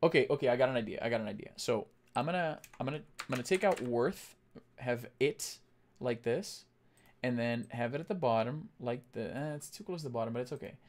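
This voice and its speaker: A young man on a casual live stream, thinking aloud as he works and chatting back to his viewers, with lots of halting fillers and restarts. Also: medium pitch. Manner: thinks aloud, reads chat and answers it.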